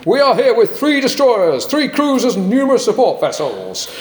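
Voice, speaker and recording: A man's voice: very high-pitched, very animated, normal speed, voice pushed up. A man voicing a boastful, commanding male navy captain in a put-on American accent during a sermon, in an echoey hall.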